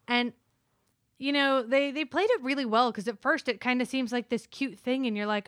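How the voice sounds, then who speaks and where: A woman's voice: on the high side, moderate pace, a bit bright, clear, resonant tone, dry recording, studio quality. A woman co-hosting a casual movie review chat, retelling scenes with lots of fillers and quoted lines. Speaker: podcast co-host.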